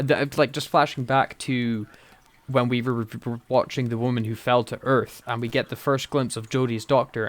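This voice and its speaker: A man's voice: mid-range voice, no echo. A man co-hosting a casual podcast discussion, enthusiastic and emotional, laughing often. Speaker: podcast co-host.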